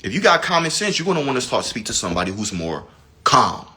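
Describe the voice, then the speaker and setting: A man speaks, his voice husky yet bright. He teaches in a casual, preachy way, swinging from raised high pitches down to low, hushed stretches. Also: sing-song, quick pace. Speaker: spiritual teacher. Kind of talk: casual spiritual talk.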